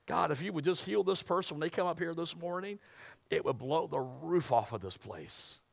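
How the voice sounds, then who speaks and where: A man preaching a sermon, swinging from loud emphatic peaks to hushed near-whispers. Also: a little high, normal speed, creaky. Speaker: pastor.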